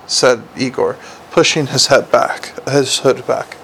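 A man's voice: mid-range voice, takes it slowly, vocal fry, a bit bright, slight background noise, poor audio. A man reading a novel aloud as narrator, with occasional slips and restarts. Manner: reads with small slips and restarts. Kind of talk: audiobook narration.

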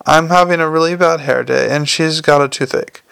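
A man's voice: fairly high pitch, moderate pace, creaky, fairly bright tone, smooth, no room sound. A man voicing a brusque young female werewolf police sergeant who gives curt commands in an audiobook. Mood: exasperated. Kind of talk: audiobook character voice.

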